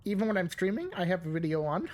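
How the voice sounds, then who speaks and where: Chatty young woman streamer, lively pitch. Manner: chatty, rambling, laughs often, pauses to eat. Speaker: VTuber streamer. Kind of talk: casual live-stream chat while gaming.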